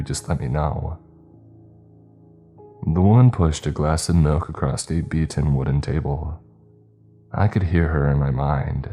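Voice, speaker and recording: A man reading a first-person horror story in a slow, measured, brooding way. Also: extremely low pitch, warm tone.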